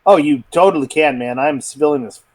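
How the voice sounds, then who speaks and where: A laid-back man in his thirties with a fairly high voice, talking over a video call. He swears freely and laughs often. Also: fairly quick, a little mellow, a little hiss or hum. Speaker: podcast guest. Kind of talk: casual chat.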